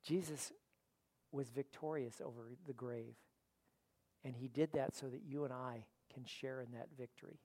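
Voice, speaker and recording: A man preaching a sermon in an auditorium, building to loud declarations and dropping to quiet appeals, sometimes repeating words as he goes. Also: medium pitch, fairly even intonation, normal speed. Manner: preaching with rising and falling intensity, repeats words. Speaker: pastor.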